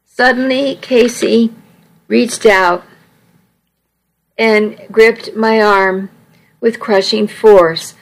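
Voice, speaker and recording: A woman's voice: a little high, steady tone, extremely slow, long pauses, rough recording. A woman reading a first-person story aloud in a wry, conversational way. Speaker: audiobook narrator.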